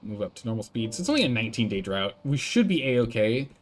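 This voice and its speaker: A man's voice: lowish voice, sing-song, fast talker, a little hiss or hum. A man casually commentating his building game on a live stream, thinking aloud, answering chat and laughing often.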